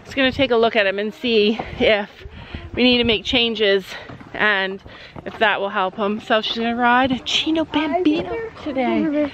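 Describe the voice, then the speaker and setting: A woman's voice: a little high, normal speed, fairly bright tone, highs cut off. A woman chatting upbeat to camera in a casual vlog while walking outdoors on a farm, laughing often. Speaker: vlogger, mother. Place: outdoors on a farm, walking through woods and fields.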